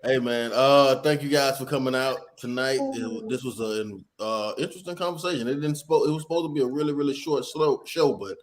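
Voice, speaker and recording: A man's voice: a little fast, few pauses. A man co-hosting a podcast in casual banter, laughing as he talks. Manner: lively, laughing pitch swings. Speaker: podcast co-host.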